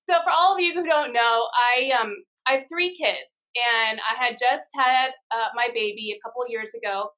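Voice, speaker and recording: A woman's voice: on the high side, normal speed, hardly any pauses, sharp tone. A woman in her thirties, a guest on a casual live-stream interview, telling her story candidly and swearing often. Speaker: guest, card-deck founder. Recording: dull lo-fi live-stream audio.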